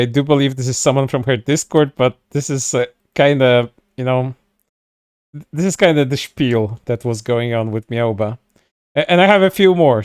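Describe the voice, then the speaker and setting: Man, commentary host, smooth clear voice, dry close sound, stammering, amused. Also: mid-range voice, a little mellow, no room sound. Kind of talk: casual commentary.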